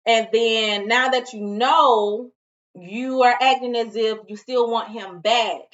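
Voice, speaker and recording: Outspoken high-voiced woman recapping gossip. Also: steady tone. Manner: outspoken, retelling scenes with quick comments. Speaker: co-host of a reality TV review show. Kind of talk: casual chat. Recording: dull sound from a distance.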